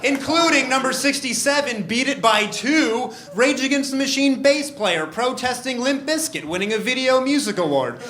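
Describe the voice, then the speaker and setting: A man performing a stand-up comedy set in an animated way, often shouting. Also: extremely high pitch, measured pace, crowd noise. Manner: animated, jumps to shouted punchlines. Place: comedy club stage. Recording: echoey, noisy live club recording.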